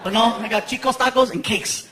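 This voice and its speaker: A man performing a stand-up comedy routine on a theater stage, telling stories with animated energy into a handheld mic. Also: extremely high pitch, a little fast, very noisy. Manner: animated storytelling. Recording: live concert with loud crowd. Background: roaring audience laughter.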